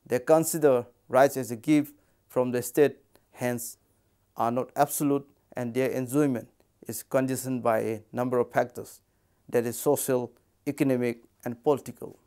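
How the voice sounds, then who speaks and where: A man with an Indian English accent giving a measured academic lecture, reading from prepared text. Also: mid-range voice, fairly even intonation, dark tone, clear, resonant tone.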